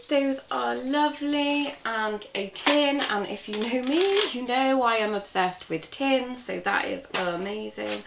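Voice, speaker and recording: A chatty woman unboxes a gift for her vlog, gushing and easily overwhelmed. She talks slowly, and the camera sits a little way off. The room rings with echo, and a clear hiss sits under her voice. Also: a little high. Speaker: crochet vlogger. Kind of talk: casual unboxing chat. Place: indoor room at a table. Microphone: camera set back from her.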